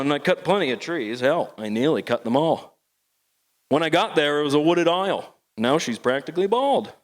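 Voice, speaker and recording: A man voicing an older, rough-spoken fisherman hermit with a Maine accent, spinning a folksy rhyming yarn. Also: a little high.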